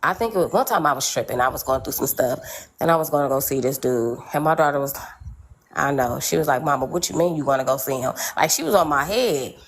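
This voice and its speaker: A woman with a low, full voice speaks openly in relaxed, slangy chat, often checking in with the listener. She sounds middle-aged and unguarded. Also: fairly quick, slight background noise. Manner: candid, storytelling, slangy, repeats "you know what I'm saying". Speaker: podcast panelist. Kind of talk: casual chat.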